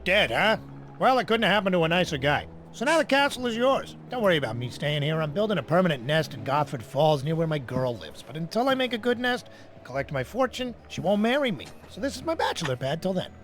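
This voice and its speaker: Game role: slobbish scavenger bird, chatty and crude, lively upward-lilting delivery. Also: male voice, fairly high pitch, quick pace, slight background noise. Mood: smug. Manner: easygoing, lewd and jokey. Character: crude, laid-back male carrion bird. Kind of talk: game dialogue.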